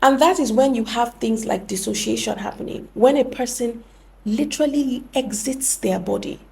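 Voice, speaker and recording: A woman's voice: a little high, moderate pace, gravelly, dark tone. A young woman hosting a podcast, explaining things earnestly and often correcting herself mid-sentence. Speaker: podcast host. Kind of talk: reflective podcast talk.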